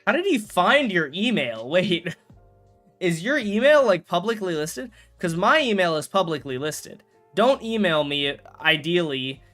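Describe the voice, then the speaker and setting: A man's voice: high-pitched, sing-song, measured pace, a bit bright, faint music behind. Chatty young male gamer streamer. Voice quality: rambling, self-correcting, jokey. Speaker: live streamer. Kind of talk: casual live-stream chat while gaming.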